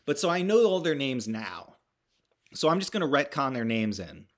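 A man's voice: mid-range voice, big pitch swings, normal speed. A young man hosting a podcast, recapping a film in a rambling, sardonic way with lots of fillers and restarts, sometimes swearing for emphasis. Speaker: podcast host.

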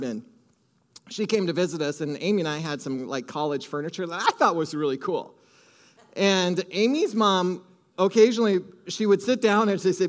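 A man preaching a sermon, telling a story with lively swings between hushed asides and loud excited exclamations, calling out to the congregation. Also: sits high. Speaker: pastor. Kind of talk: sermon with audience call-and-response.

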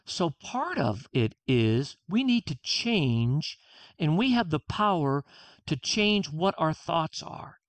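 A man's voice: a little high, sing-song, slow pace, dry recording. An author being interviewed, a man speaking earnestly and acting out his own inner self-talk. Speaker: author guest. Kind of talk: interview conversation.

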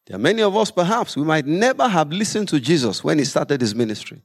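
Man, pastor, sermon, animated pitch, gravelly edge, humorous asides. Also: fast. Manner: lively preaching with humorous asides.

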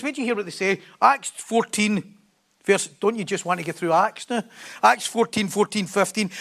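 A man preaching a sermon in an animated, joking way, often repeating words. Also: high-pitched, brisk.

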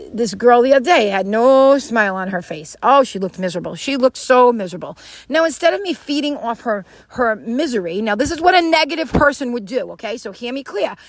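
A woman with a fairly high voice, recorded dry, gives a casual motivational talk to camera as a life skills vlogger. She is emphatic and repetitive, often acting out little scenes in quoted voices.

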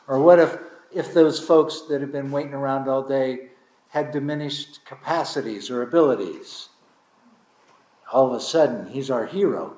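A man's voice: mid-range voice, a little mellow. A man preaching a sermon to his congregation, telling the story in a conversational way with dramatic swings of emphasis. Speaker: pastor. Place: congregation hall. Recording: echoey room.

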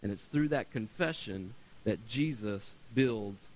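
A male pastor preaching a sermon in a church, reading scripture and stressing points by repeating words, swinging between loud and soft. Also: lowish voice, lively intonation, slow pace, rough recording. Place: church sanctuary.

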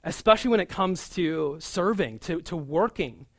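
A man, a pastor, giving a conversational sermon, animated and chatty with frequent asides. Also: high-pitched, moderate pace, dry recording, clean studio sound.

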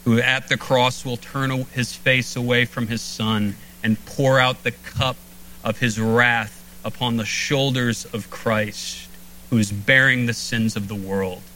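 Earnest male pastor with a bright voice. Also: steady tone, a little hiss or hum, rough recording. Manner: earnest, slows and drops low on key phrases. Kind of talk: sermon.

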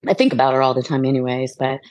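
A woman guest telling family stories in casual chat over a video call, animated and often laughing. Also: extremely low pitch, very fast, dry recording. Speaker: podcast guest.

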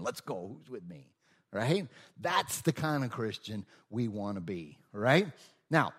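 Lively conversational male preacher. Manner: conversational, checks in with "okay?" and "right?"; acts out biblical voices with jumps in pitch and volume. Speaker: pastor. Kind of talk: sermon.

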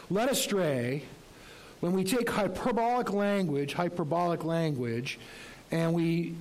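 A man's voice: a little high, low-quality recording. A male pastor preaching a sermon in a conversational way, with rhetorical questions and light humor.

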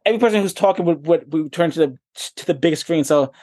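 A man's voice: fairly high pitch, fast talker, darkish tone. A young man co-hosting a casual podcast. He stutters, keeps repeating words and swears freely. He laughs often while telling his stories. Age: young adult. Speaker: podcast co-host. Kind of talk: casual chat.

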